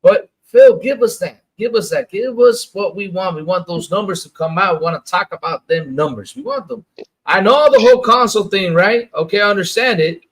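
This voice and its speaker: A man with a high voice hosts a gaming livestream and talks with a lot of emphasis. He repeats his phrases, builds them up and pushes each point hard. His delivery is loose and conversational. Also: animated, fairly quick, breathy edge. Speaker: gaming show host. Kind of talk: casual livestream commentary. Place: lives in the Dominican Republic.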